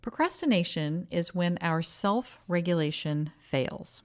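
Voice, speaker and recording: A woman hosting her own podcast as a life coach, speaking in a calm, direct coaching manner. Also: on the low side, measured pace, heavy background noise. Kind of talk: podcast talk on emotional self-regulation.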